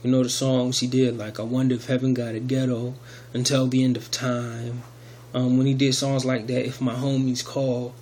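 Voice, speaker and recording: This medium-pitched man rambles through a casual spoken testimony on video, frequently restarting and filling gaps with fillers. Slight background noise can be heard.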